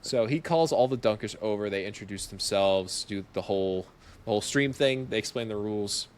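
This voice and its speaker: A young man, a podcast guest, telling a story in a casual, animated way, laughing often and acting out what people said. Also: on the low side, fairly quick, clean tone.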